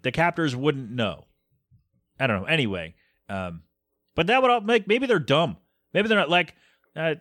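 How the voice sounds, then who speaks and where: A man's voice: medium pitch, fairly bright tone, no room sound. A man hosting a podcast, chatting casually and ranting in an exasperated, rambling way. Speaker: podcast host. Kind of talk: casual solo podcast chat.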